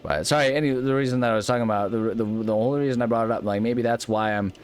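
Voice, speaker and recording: A young man with a mid-range, steady voice talks very fast as a let's play host, casually commenting on a video game while he plays. He thinks aloud and rambles, restarting often.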